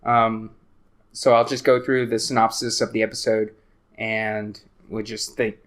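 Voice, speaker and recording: A man's voice: fairly low pitch, flat delivery, unhurried, a bit bright. A young man hosting a podcast, chatting casually and joking, laughing often. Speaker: podcast host. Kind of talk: casual chat.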